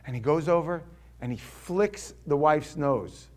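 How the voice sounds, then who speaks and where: Animated preacher, loud then hushed. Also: male voice, fairly high pitch, moderate pace. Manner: animated, swings from loud to hushed, acts out quotes. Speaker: pastor. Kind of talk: sermon.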